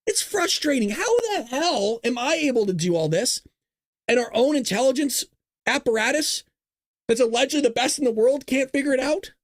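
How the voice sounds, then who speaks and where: With an extremely high pitch, a man hosts a political livestream show and rants heatedly, swearing a lot. He's fired up and profane, and the recording from his small closet is dry.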